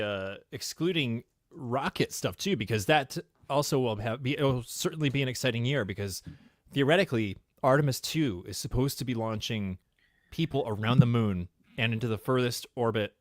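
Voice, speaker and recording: A man co-hosting a casual livestream podcast, talking in a relaxed, rambling way full of fillers and eager about rocket launches. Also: medium pitch, dry recording, studio quality. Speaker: podcast co-host.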